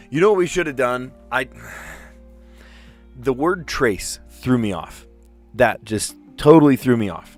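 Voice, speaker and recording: A middle-aged man hosting a casual live stream, thinking aloud through a word puzzle, excitable and self-mocking. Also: mid-range voice, slow, pauses often, faint music behind.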